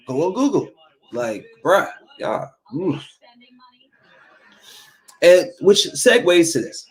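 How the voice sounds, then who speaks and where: Heated, high-voiced man ranting on a podcast. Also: big pitch swings, slow, pauses often. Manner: heated, preachy, scolding the listener. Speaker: podcast host. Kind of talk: opinionated casual podcast rant.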